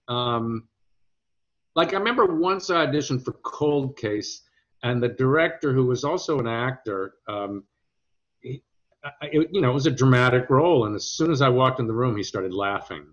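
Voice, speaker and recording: Being interviewed, a male actor with a medium-pitched voice at normal speed rambles through stories, hesitating and restarting. He quotes others in animated voices, heard over dull lo-fi audio.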